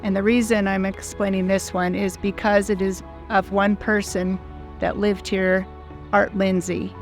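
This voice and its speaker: A woman's voice: medium pitch, level tone, unhurried, soft background music. A woman in her sixties telling a personal story as a foundation founder, in an earnest, heartfelt, plain-spoken way. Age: 60s.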